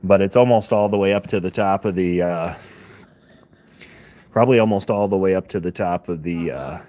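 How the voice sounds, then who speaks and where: A man's voice: deep voice, normal speed, warm tone. A man hosting a casual live stream, chatting loosely with viewers and greeting them by name, often laughing as he talks into a handheld phone.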